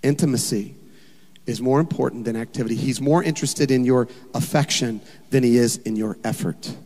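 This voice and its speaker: A male pastor preaching a sermon in an animated, emphatic way, full of rhetorical questions. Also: mid-range voice, a little fast. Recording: long hall reverb.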